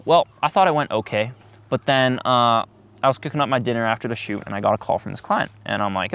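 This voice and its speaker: A man's voice: mid-range voice, fast talker, fairly bright tone, clear, resonant tone. Eighteen-year-old guy, casual, lots of ums. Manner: loose, filler-heavy talk with many ums. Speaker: vlogger giving business tips. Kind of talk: casual advice vlog.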